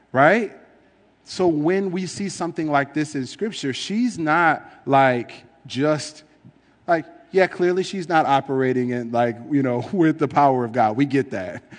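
A man's voice: on the high side, in a large hall. A man preaching in a casual, conversational way, reading scripture and explaining it with frequent fillers.

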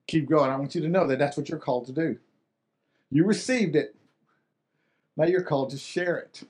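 High-pitched man preaching a sermon. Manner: conversational, repeats words and restarts, asks the listeners questions; voice swings from quiet to loud with emphasis. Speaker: pastor.

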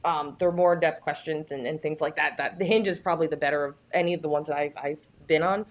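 A woman's voice: low voice, fairly even intonation, fast talker. A woman talking candidly and earnestly as a guest in a casual chat, often restarting her sentences.

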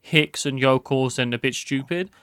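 A young British man from the West Midlands with a softened accent, chatting casually as a podcast co-host in a rambling, quick way. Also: mid-range voice, clean tone, no room sound, clean studio sound. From West Midlands, England. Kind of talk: casual chat.

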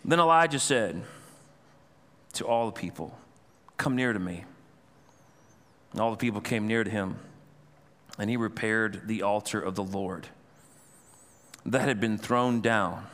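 A male pastor preaching a sermon, telling a scripture story with animated, dramatized retelling. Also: lowish voice, unhurried, pauses often. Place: church sanctuary. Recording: long reverb in a church hall.

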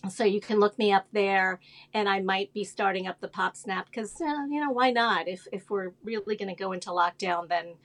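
A woman's voice: mid-range voice, fairly bright tone. A woman, an actress and guest, chatting in an upbeat, chatty way about her work on a remote call. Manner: upbeat, chatty, quick to laugh. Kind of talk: casual interview. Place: home, remote video call.

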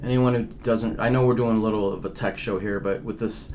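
A man with a lowish, steady, slightly mellow voice speaks briskly over slight background noise. A paranormal investigator co-hosting a casual podcast about ghost hunting, he rambles and restarts his sentences.

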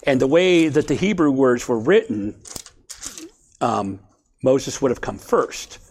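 A man's voice: mid-range voice, animated, slow, a little mellow, slight background noise. Conversational man teaching Bible study. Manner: conversational, checks in with "okay?". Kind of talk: casual Bible study talk.

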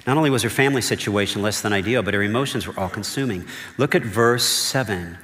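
A man's voice: on the low side, fast talker, a bit bright. A man, a pastor, delivering a conversational sermon, often checking in with "okay?" and "right?". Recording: long hall reverb.

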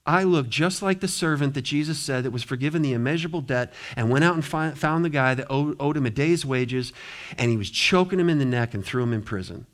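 An impassioned middle-aged man preaches as pastor in a church sanctuary. His delivery swings from loud appeals down to soft, low asides.

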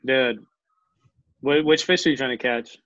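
A man's voice: mid-range voice, steady tone, unhurried, fairly bright tone, dry recording. Laid-back man on a dull, dry mic. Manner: laid-back, says "dude" and "like" a lot. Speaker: podcast co-host. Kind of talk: casual chat.

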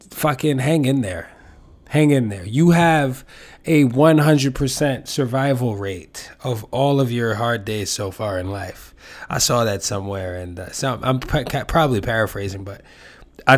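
A man's voice: medium pitch, moderate pace. A young man hosting a podcast, talking casually in a rambling, profane monologue. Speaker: podcast host.

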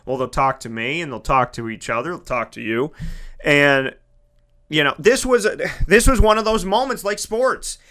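Male entertainment host, high bright voice, animated and emphatic casual monologue. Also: normal speed. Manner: animated, emphatic, dramatic voice swings. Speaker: broadcaster and entertainment show host.

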